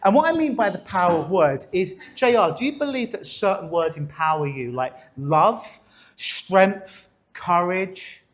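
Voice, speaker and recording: On stage before an audience, a stage hypnotist coaxes and instructs a volunteer during a live demonstration. His voice sits high, with lively intonation, and he speaks a little slowly.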